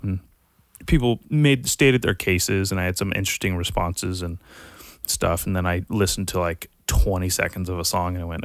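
A man's voice: low voice, moderate pace, dry recording, studio quality. A young man hosting a podcast, rambling and ranting in a casual monologue, swearing constantly and sounding exasperated. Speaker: podcast host.

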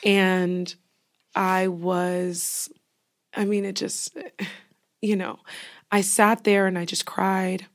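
A woman's voice: mid-range voice, level tone, very slow, long pauses. A young woman co-hosting a podcast, sharing a personal story in casual chat and often sinking into a near whisper. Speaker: podcast co-host.

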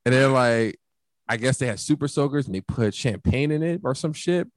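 In a casual chat, a young man with a medium-pitched voice tells a profane party story at a moderate pace, with no echo. He's animated, acting out what the people in it said.

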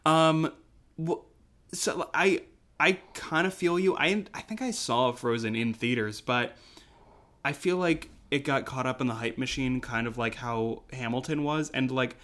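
A man's voice: medium pitch, measured pace, a bit bright. A man hosting a podcast, chatting casually with a guest. He talks in loose, self-interrupting bursts and laughs often. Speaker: podcast host. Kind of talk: casual chat.

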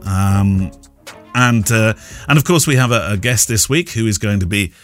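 A man's voice: lowish voice, moderate pace, faint music behind. A man hosting a podcast, chatty and rambling, with lots of laughs and restarts. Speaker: podcast host. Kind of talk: casual chat.

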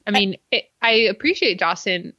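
A woman's voice: mid-range voice, animated, moderate pace, sharp tone, husky, no room sound, muffled recording. A woman co-hosting a casual podcast, speaking frankly and swearing casually. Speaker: podcast co-host. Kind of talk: casual rewatch podcast chat.

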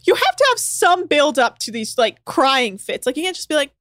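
Woman, podcast co-host, high voice, lively swooping delivery, sweary, dry close sound. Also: no echo. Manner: animated, sweary, quick asides. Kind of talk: casual podcast chat.

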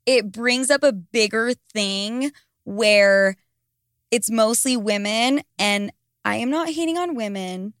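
A woman's voice: a little high, slow, dry recording, studio quality. A young woman chatting frankly on a podcast, blunt and profane, telling stories with lots of energy. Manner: blunt, profane, animated storytelling. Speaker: podcast co-host. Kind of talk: frank casual chat.

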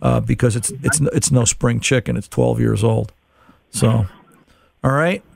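A man's voice: medium pitch, unhurried, vocal fry, a little mellow, husky, dry recording, studio quality. A middle-aged man hosting a call-in car-repair radio show, explaining in a casual, conversational way and repeating words while he thinks.

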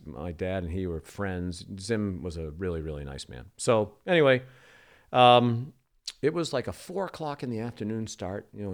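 A man's voice: low-pitched, clean tone. A middle-aged man from the Boston area, a sportscaster guest, telling rambling anecdotes full of ums in a casual interview.

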